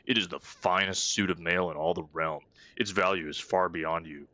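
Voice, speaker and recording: A curt, scornful burly weapon-seller from a fantasy game, read out by a man. He has a low voice with a forceful, bright edge, recorded dry and close. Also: fairly even intonation, normal speed, no room sound. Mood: gruff. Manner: curt, scornful line reading. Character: arrogant burly male weapon-shop owner, gruff and sexist. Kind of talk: reading game dialogue aloud.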